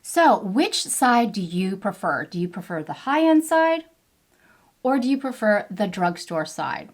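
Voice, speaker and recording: A woman's voice: medium pitch, big pitch swings, a little slow. A middle-aged woman vlogging a chatty makeup review to camera, bubbly and playful with frequent exclamations. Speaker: beauty vlogger.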